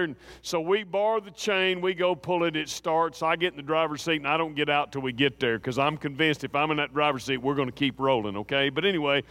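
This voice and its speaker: A middle-aged man from Texas spins a folksy anecdote, his voice sitting a bit high for a man. He acts out the other people's voices and keeps checking in with the listener. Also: a little fast, fairly bright tone. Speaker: storyteller. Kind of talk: anecdotal storytelling.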